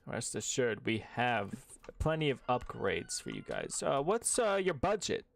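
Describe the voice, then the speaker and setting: A man playing a smooth male arms salesman. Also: mid-range voice, huge pitch swings, measured pace, exaggerated voice. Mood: salesy.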